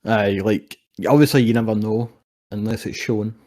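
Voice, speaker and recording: A man's voice: fairly low pitch, moderate pace, darkish tone. Sweary laughing guy. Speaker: podcast co-host. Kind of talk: casual chat.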